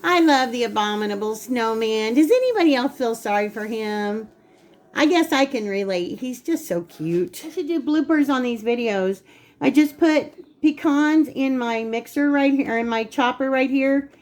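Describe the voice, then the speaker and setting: A woman hosting a casual cooking vlog in her home kitchen, chatty and quick to laugh at herself. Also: high-pitched, a little mellow. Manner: chatty, laughing, self-teasing.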